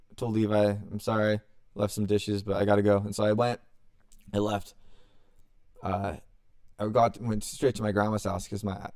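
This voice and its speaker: A young man tells a story on his podcast in a smooth, fairly low voice. He swears freely and acts out what everyone said. The sound is close and dry. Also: a little mellow, no echo. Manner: loose and profane, acting out quotes. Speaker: podcast host. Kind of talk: casual storytelling.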